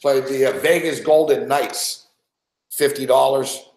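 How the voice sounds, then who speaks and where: A man with a mid-range, slightly mellow voice hosts a sports betting podcast, delivering a frustrated, profanity-heavy rant about his bets in casual talk. His intonation is fairly even, his pace a little slow, and the recording sounds roomy.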